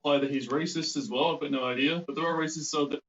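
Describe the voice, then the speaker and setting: A man's voice: on the high side, steady tone, fast. A man giving blunt, swearing reaction commentary on a stream. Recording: dull distant mic.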